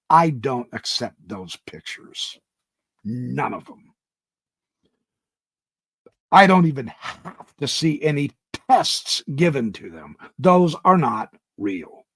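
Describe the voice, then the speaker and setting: A man's voice: medium pitch, big pitch swings, slow pace, long pauses, fairly bright tone, slightly rough, no echo. A man hosting his own reaction channel, talking emphatically and indignantly, often stumbling over the first words of a sentence. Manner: emphatic, stammering restarts, indignant.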